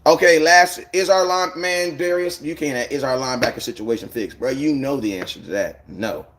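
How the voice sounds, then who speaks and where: A man's voice: medium pitch, normal speed, noisy background. Loose-talking man on a live stream. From United States. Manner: loose, rambling slang, shouting out viewers by name. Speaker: livestreamer chatting with viewers. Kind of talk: casual live-stream chat.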